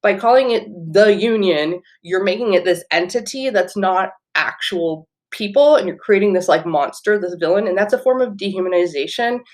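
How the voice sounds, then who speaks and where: A woman's voice: medium pitch, moderate pace, few pauses, a little mellow. A woman in her thirties hosting a podcast from home, talking earnestly in a rambling way with many fillers and restarts. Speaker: podcast host, teacher. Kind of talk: casual solo podcast talk. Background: washing machine running.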